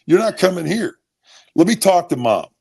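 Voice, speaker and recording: A man acting out his blunt, no-nonsense father, who gruffly refuses to let his son quit. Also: high voice, very animated, normal speed, darkish tone, voice pushed up, heavily acted. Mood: stern.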